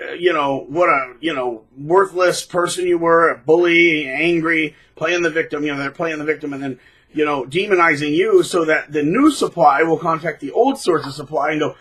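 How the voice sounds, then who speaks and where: A man hosting his own channel, talking bluntly and casually, mocking people by acting out quotes in shrill put-on voices. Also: normal speed, fairly bright tone, breathy edge, low-quality recording. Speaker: channel host. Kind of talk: casual monologue.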